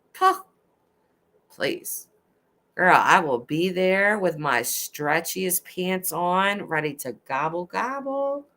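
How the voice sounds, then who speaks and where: Low, bright-toned woman chatting on a live stream. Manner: chatty and rambling, heavy on "like", quick to laugh. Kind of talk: casual late-night live-stream chat with viewers.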